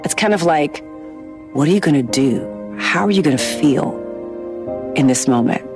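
A woman's voice: sits low, animated, normal speed. A woman giving an earnest, reflective personal testimony in an interview. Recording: music bed underneath.

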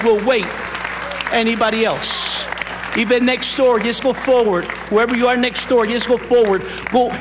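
Pastor, male, high voice, pleading altar call, repetitive urging, faint crowd noise behind. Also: fairly bright tone. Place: church with congregation.

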